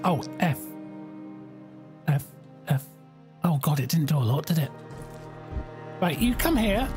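A game streamer gives bemused live commentary, thinking aloud and exclaiming at what happens. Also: medium pitch.

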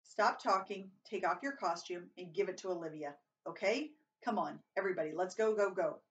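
A woman's voice: on the low side, normal speed, dull audio, lightly acted. Lady reading as a cranky drama teacher guy, barking orders, kinda far off the mic. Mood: bossy, angry. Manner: curt, exasperated, loud. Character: stern, short-tempered male drama teacher.

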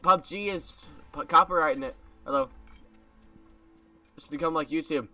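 Bright-voiced man in a playful put-on accent. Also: on the high side, no room sound, recorded from a distance. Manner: playful, joking, talks to viewers; puts on a made-up accent. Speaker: gaming video creator. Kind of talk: casual let's-play commentary. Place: home room.

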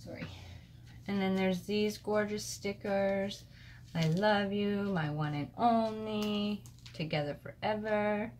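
A woman at her home craft desk chatting casually and excitedly as she shows off mail she received, picked up by a camera on the desk. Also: medium pitch, slow pace, slight background noise. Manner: gushing, excitable, rambling. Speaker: crafting vlogger.

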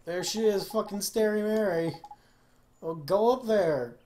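A man's voice: high voice, unhurried, dark tone, a little hiss or hum. A young man casually joking and swearing as he comments on a game he plays. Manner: joking, crude, sarcastic. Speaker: let's play gamer.

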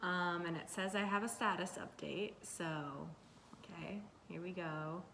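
A woman's voice: steady tone, unhurried, gravelly, pushed and bright. A young woman chatting casually in a vlog, nervous and full of fillers as she opens decisions at home. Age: young adult. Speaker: vlogger. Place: home room. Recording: echoey room with faint rumble.

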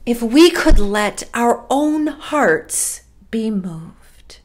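A middle-aged woman pastor preaching a sermon and telling a personal story in a slow, storytelling way. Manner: slow, warm storytelling with lively pitch.

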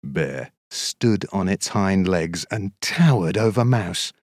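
A male narrator reading a children's storybook slowly and with a lively, swinging pitch. His voice sits a little low, and his delivery is measured and sing-song. The recording is dry and close to the mic. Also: no echo.

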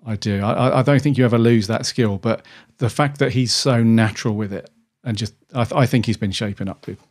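A man's voice: fairly low pitch, fairly quick, a little mellow. A man co-hosting a podcast, chatting casually in a rambling way with many restarts. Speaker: podcast co-host. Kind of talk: casual chat.

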